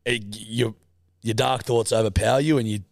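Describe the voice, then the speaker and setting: A man's voice: mid-range voice, steady tone, moderate pace, creaky, a little mellow, no echo, clean studio sound. A male podcast co-host in casual, joking chat, laid-back and swearing freely.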